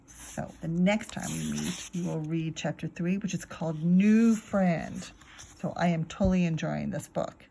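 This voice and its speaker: A woman reading a children's book aloud, chatting in a relaxed, friendly way. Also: on the low side, a little slow, creaky, slight background noise. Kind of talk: casual sign-off talk.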